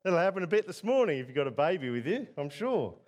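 A man's voice: on the high side, very animated, fast talker, a little mellow. A middle-aged man from England preaching a sermon in a conversational way, often asking the congregation rhetorical tag questions.

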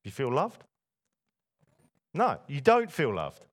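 A man preaches to a masked congregation in a church, asking his listeners rhetorical questions. He speaks slowly in a mid-range voice whose pitch swings hugely.

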